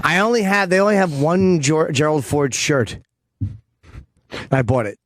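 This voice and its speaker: A man hosting a radio talk show, chatting and telling stories quickly and animatedly on a studio mic. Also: fairly high pitch, no room sound. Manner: fast, animated storytelling with swearing. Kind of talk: casual radio banter. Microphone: studio microphone.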